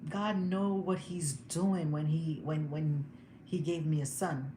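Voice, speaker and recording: A young vlogger with a low, dark voice takes her time, keeping her intonation fairly even as she vents to viewers during a casual livestream at home. She's candid and emotional and laughs now and then, in an echoey room with background noise.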